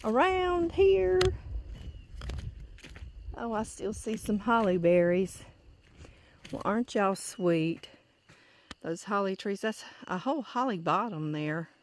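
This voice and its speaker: A middle-aged woman from Louisiana, Southern-accented, hosts a casual walking vlog shot on her phone, passing from a pasture to a porch. She chats folksily and laughs a lot in a medium-pitched voice at a measured pace. A little hiss or hum runs under the recording.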